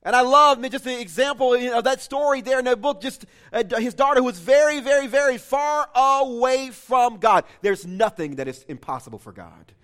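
High-voiced impassioned male preacher. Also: animated, quick pace, few pauses, a bit bright. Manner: impassioned, emphatic storytelling. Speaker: pastor. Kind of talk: sermon with a story read aloud.

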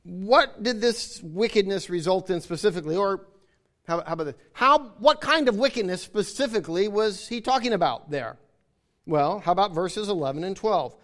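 Male preacher, high voice, emphatic sermon, repeats phrases, calls out to congregation. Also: animated, normal speed, a bit bright. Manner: repeats words and phrases to drive points home.

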